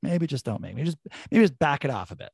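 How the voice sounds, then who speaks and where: A man's voice: medium pitch, sing-song, fast talker, vocal fry, a little mellow, husky, no echo. A man hosting a casual sports podcast, talking animatedly with plenty of swearing and rambling stories. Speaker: podcast host.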